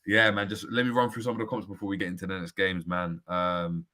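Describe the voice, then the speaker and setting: Slangy man, low voice. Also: fast. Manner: animated storytelling, slangy, reads out viewer comments. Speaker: host. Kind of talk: casual chat about football.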